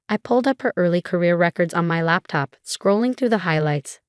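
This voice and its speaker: A woman giving calm, measured first-person narration of a scripted story. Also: lowish voice, dry recording, studio quality.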